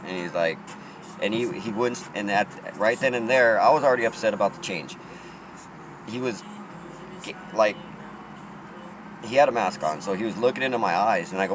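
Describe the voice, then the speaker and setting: A man's voice: on the low side, expressive, moderate pace, long pauses, music in the background, low-quality recording. A man telling a rambling, profane story in casual talk, often restarting his sentences.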